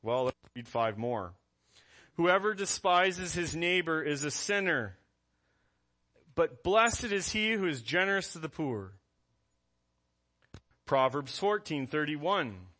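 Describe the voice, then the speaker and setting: A man's voice: on the high side, sing-song, takes it slowly, pauses often, sharp tone. A man preaching a conversational sermon as pastor, reading scripture aloud between asides.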